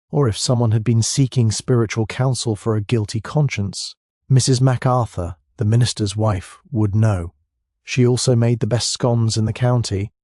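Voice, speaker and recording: A man narrating a mystery story in a steady, even storytelling voice. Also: medium pitch, no room sound, studio quality.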